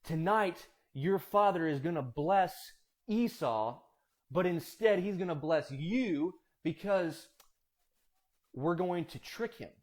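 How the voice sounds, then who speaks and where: A man's voice: high voice, lively intonation, slow pace. A man voicing a crafty, scheming mother giving conspiratorial instructions.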